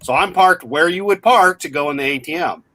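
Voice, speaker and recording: A man in his forties, voice pitched a little above the usual, telling a story in blunt, profane casual chat. The sound is dry and close, with almost no room around it. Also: fairly quick, no echo. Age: 40s. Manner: profane, blunt, animated retelling.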